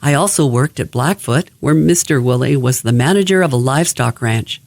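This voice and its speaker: A man reading a family memoir aloud in a steady, even-paced way. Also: medium pitch, fairly quick, vocal fry, no echo.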